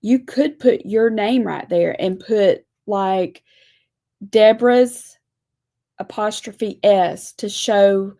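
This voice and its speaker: Slow, gravelly woman teaching lettering. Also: mid-range voice, dark tone. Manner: chatty, folksy, says y'all. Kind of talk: live-streamed craft lesson.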